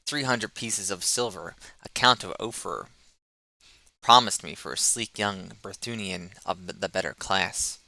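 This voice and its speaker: A man voicing a fat, gross, boastful kidnapper rogue in a loud, blustering manner in an audiobook. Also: low voice, a little slow, vocal fry, no echo, full character voice, poor audio. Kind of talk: audiobook character reading.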